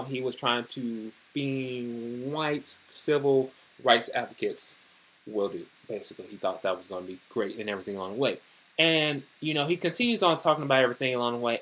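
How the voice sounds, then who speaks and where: A man's voice: medium pitch, fairly bright tone. A man giving a casual, rambling news commentary on his vlog, talking loosely and filling his sentences with "you know" and "like.". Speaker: vlogger.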